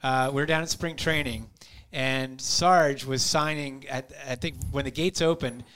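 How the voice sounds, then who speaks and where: A man hosting a podcast who tells a funny story with animated laughter. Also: medium pitch, unhurried, smooth. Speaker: podcast host. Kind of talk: casual chat.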